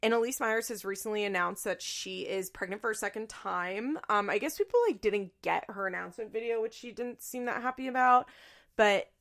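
A young woman chatting casually about social media, candid and swearing freely, with animated asides. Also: medium pitch, a little fast, creaky. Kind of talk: casual chat.

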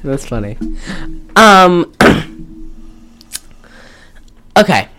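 A woman hosts a podcast and talks through a movie in a loose, joking way, swearing now and then. Her voice sits low but swings widely in pitch, and the talk is animated. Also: extremely slow, faint music behind, rough recording. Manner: animated, jokey, swearing, breaks into laughs. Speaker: podcast host. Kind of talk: casual movie-review chat.

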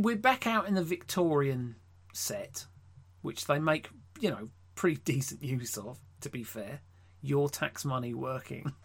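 A man's voice: fairly high pitch, creaky, a bit bright, breathy edge. A man co-hosting a casual comedy podcast, sardonic and sweary, laughing often as he reviews a show. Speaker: podcast co-host.

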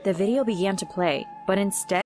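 A woman's voice: medium pitch, brisk, a little mellow, a faint crowd. A woman narrating a first-person story in a plain storytelling read.

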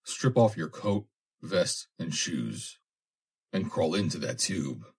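An actor reading the part of a grim, stern man who gives hard orders quietly in a crisis. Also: low-pitched, sing-song, slow pace, gravelly, breathy edge, exaggerated voice.

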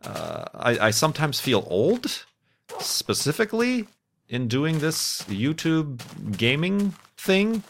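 A man's voice: fairly high pitch, very animated, slow pace, a little hiss or hum. A man in his thirties chatting casually over gameplay, rambling and self-deprecating, laughing often between thoughts. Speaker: gaming YouTuber.

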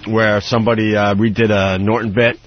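A man's voice: on the low side, little pitch movement, a little fast, muffled recording. A man hosting a satellite radio show, crude and laid-back, swearing freely. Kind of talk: casual radio banter.

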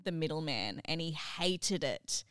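A middle-aged woman co-hosting a podcast, telling stories in an animated, emotional way. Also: low-pitched, measured pace, clear, resonant tone, no echo, clean studio sound. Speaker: podcast co-host. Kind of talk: casual chat.

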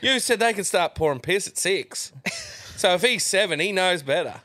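A man's voice: high voice, lively intonation, normal speed, pushed and bright, no room sound, studio quality. A man co-hosting a podcast, joking crudely and animatedly. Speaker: podcast co-host. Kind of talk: casual banter.

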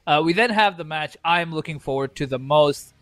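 A man co-hosting a casual wrestling chat, excitable and animated, acting out his own reactions and swearing freely. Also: on the high side, normal speed, dry recording. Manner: excitable, acts out reactions with shouted quotes. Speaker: podcast co-host.

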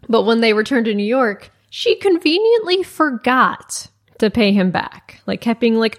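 A woman's voice: fairly high pitch, sing-song. Chatty young woman telling a story. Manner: chatty, frequent "like" fillers, quick asides. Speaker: podcast co-host. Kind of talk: casual storytelling chat.

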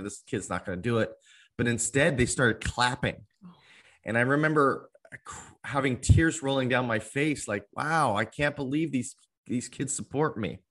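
A man's voice: medium pitch, a bit bright. Man, twenties, mid-range voice, earnest, personal storytelling, slight slur. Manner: earnest, acts out past conversations in quotes. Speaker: guest telling his life story.

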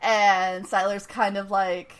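A woman's voice: mid-range voice, little pitch movement, slow, fairly bright tone, clear, resonant tone. A woman in casual chat recapping a TV episode, acting out the characters' lines and laughing often. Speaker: podcast co-host.

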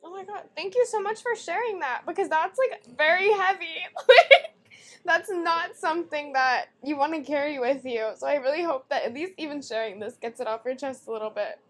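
A woman's voice: sits high, moderate pace, fairly bright tone. A woman hosting a casual podcast interview, asking questions and offering supportive responses. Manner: supportive, brief affirmations. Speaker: podcast host.

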